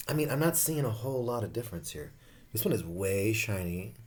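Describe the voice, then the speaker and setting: A man's voice: on the low side, lively intonation, brisk, a little hiss or hum. Campy, foul-mouthed man reviewing skincare. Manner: campy, profane and playful, with frequent laughs. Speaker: beauty vlogger reviewing skincare. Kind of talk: casual product review.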